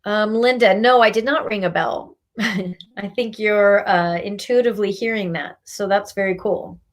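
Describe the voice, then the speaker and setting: A woman's voice: mid-range voice, measured pace. A woman hosting a live card reading, talking emphatically and scolding her viewers with laughter in between. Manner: emphatic, scolding, tough-love delivery with laughs. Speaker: spiritual reader and meditation host.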